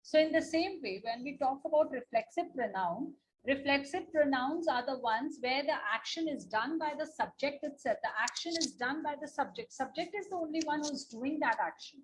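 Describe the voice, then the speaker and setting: Teaching an online class, this woman speaks with an Indian English accent in a high, expressive voice at normal speed. The recording is rough, with slight background noise. She stays patient, repeats herself, and keeps checking in with "na?" and "okay?".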